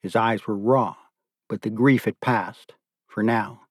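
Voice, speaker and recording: A man narrating an audiobook in a steady, subdued storytelling manner. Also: fairly low pitch, takes it slowly, slightly rough, dry recording, studio quality.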